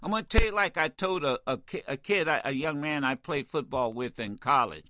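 A man's voice: a little high, fairly quick, pushed and bright, no echo, clean studio sound. An older man hosting a call-in radio talk show, blunt, fiery and profane with callers. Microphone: studio microphone.

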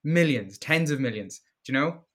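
Blunt, bright-voiced Irish man. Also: mid-range voice, lively intonation, normal speed. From Ireland. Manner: blunt, joking, swears freely. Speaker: fitness content creator guest. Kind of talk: casual podcast chat.

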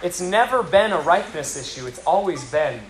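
A man preaching a sermon, telling stories with rising energy and occasional excited shouts. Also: sits high, brisk. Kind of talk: sermon with storytelling. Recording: roomy hall with faint crowd.

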